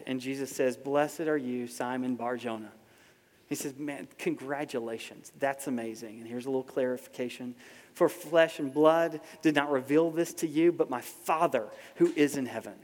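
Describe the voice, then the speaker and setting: A man delivers a sermon in a relaxed, conversational tone, dropping low and then lifting into emphatic bursts. His voice sits at an everyday middle pitch. A long reverb trails behind him, as in a large church hall. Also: normal speed. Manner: conversational preaching, swings from soft to emphatic. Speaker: pastor.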